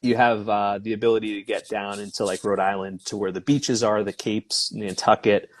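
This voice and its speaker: A man in his twenties with a Boston accent speaks in a fairly low voice. He answers questions in a relaxed, conversational way and often fills pauses with "um" and "you know." He sounds like a podcast guest on a video call. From Boston area, USA. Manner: laid-back, many fillers like "um" and "you know". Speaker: real estate agent, guest. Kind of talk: casual interview conversation.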